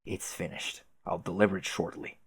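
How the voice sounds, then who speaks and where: A man voicing a stiff, formal, muscular teenage boy troll aristocrat who speaks quietly and precisely. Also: sits low, level tone, moderate pace, vocal fry, husky, exaggerated voice.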